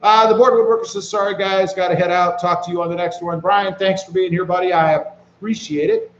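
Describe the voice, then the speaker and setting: A man hosting a casual live stream, reading viewer comments aloud and greeting people by name in a relaxed way while he walks around with his phone. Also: high-pitched, fairly quick, echoey room, muffled recording. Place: walking around outdoors.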